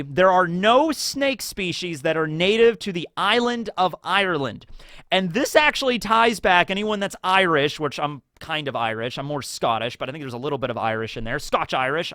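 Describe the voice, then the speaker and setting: A man's voice: a little high, expressive, moderate pace, bright, forceful tone, dry recording, clean studio sound. A young man hosting a casual commentary video, rambling and joking with lots of fillers. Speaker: YouTube channel host.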